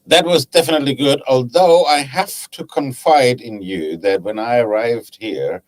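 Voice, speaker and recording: A man's voice: medium pitch, normal speed, low-quality recording. A man with a German accent, a guest telling anecdotes in a casual chat about his woodturning club. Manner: chatty, laughs at his own anecdotes.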